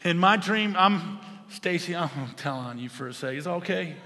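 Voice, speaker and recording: A male pastor preaching an impassioned sermon that rises to shouts, recorded in a large church hall. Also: on the high side, lively intonation, brisk.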